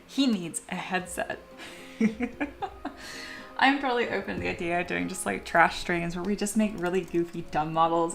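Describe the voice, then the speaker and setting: A woman's voice: on the low side, vocal fry, fairly bright tone. A young woman chatting casually on her sculpting livestream, reading viewer comments aloud and laughing often. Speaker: 3D sculpting streamer.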